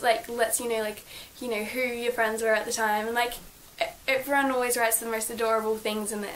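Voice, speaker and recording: A woman's voice: on the high side, a bit bright, slight background noise, poor audio. Bubbly young woman gushing on camera. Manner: gushing, chatty, many fillers and likes. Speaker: vlogger. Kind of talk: casual birthday haul vlog. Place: her bedroom.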